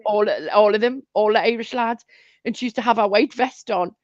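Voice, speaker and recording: A woman's voice: a little high, steady tone, fairly quick, no echo. A woman, co-hosting a livestream and telling gossipy stories full of swearing and laughter. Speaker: livestream co-host. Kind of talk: casual gossip chat. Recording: dull dry lo-fi stream audio.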